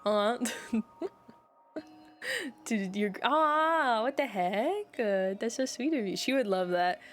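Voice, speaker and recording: A woman's voice: on the high side, lively intonation, takes it slowly, faint music behind. Rambling heartfelt young woman streamer. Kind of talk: casual chat with viewers.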